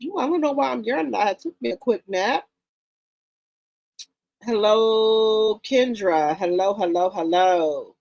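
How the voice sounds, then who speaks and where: A woman's voice: mid-range voice, a little slow, vocal fry, darkish tone. A woman hosting a casual livestream, greeting viewers by name in an informal, repetitive, chatty way, with features. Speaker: livestream host.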